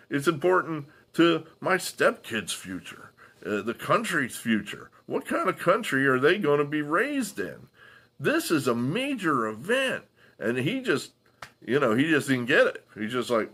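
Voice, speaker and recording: A man hosting a solo political commentary, talking from home in a halting way with sighs and restarts. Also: mid-range voice, fairly bright tone.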